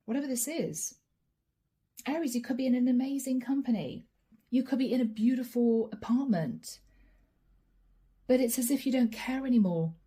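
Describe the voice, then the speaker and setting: A woman's voice: a little high, dark tone, breathy edge. A woman giving a channeled tarot reading, talking straight to the viewer in a musing, reassuring way. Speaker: tarot card reader.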